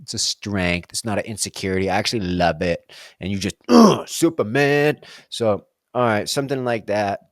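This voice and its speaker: A young adult man hosting a solo talk, musing casually and breaking into quick playful voices. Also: lowish voice, no echo, studio quality. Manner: playful, acts out quick silly voices mid-thought. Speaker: solo podcast host answering reflective questions. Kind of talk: casual spoken reflection.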